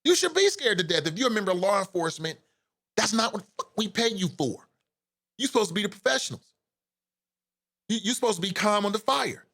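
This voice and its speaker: A man's voice: high-pitched, very animated, a little fast, long pauses, bright, forceful tone. A man hosting a live show at home, giving blunt, impassioned and profane opinion commentary.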